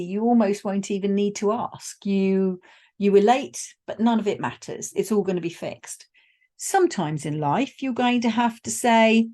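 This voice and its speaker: A woman with a mid-range, slightly mellow voice hosts a solo podcast. She tells a personal travel story conversationally, adding wry asides.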